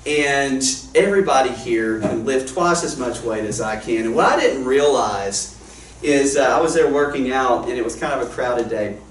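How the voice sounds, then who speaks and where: A man's voice: medium pitch, normal speed, slight background noise. A man, a guest worship leader telling funny stories in a casual, rambling, self-deprecating way before an audience. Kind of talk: casual storytelling talk. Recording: roomy echo, distant mic, faint ambience.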